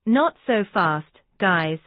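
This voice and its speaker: A woman reading the lines of a bitter, scheming orphaned girl in a slow, even way, on a dry, tinny recording. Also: medium pitch, no echo. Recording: dry, tinny phone-like sound.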